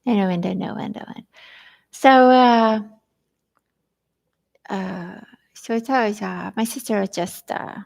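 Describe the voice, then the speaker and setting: A woman's voice: mid-range voice, unhurried, vocal fry, long pauses, darkish tone. A woman vlogging in a rambling, hesitant way, full of fillers, venting about family troubles. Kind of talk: rambling personal vlog.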